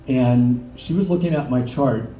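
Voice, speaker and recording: An older man, an interview guest, telling his story in a halting way with many fillers and laughs. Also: mid-range voice, warm tone, faint music behind. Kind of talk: conversational storytelling. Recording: echoey room, mic far off, faint noise.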